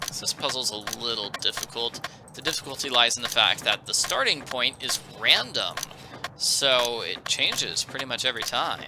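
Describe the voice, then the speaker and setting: A man's voice: medium pitch, lively intonation, moderate pace, noisy background. A man giving casual, enthusiastic gameplay commentary as a let's play host, joking and chatty.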